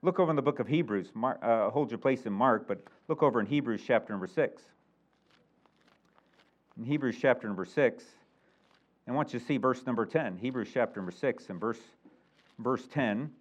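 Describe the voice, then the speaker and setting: A middle-aged man preaching a sermon as a pastor, animated and emphatic, chuckling now and then. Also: mid-range voice, normal speed, long pauses. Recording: muffled lo-fi recording.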